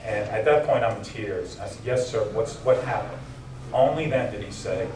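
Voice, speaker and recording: Fairly low in pitch at a moderate pace, a man delivers an emotional banquet keynote, his voice dropping and catching during tender personal stories. The recording is roomy and distant in a banquet hall, with a noisy background.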